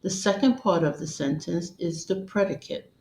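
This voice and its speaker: A woman narrating a scripted grammar lesson as a teacher, in a measured, deliberate, instructional way. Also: lowish voice, darkish tone, a little hiss or hum. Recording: roomy echo.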